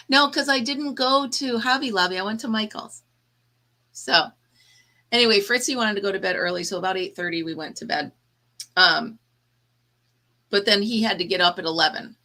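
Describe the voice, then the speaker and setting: A woman's voice: medium pitch, moderate pace, long pauses, bright, forceful tone. A woman hosting a casual live chat, tired and yawning, chatty and laughing often as she talks to her viewers. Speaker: livestream host.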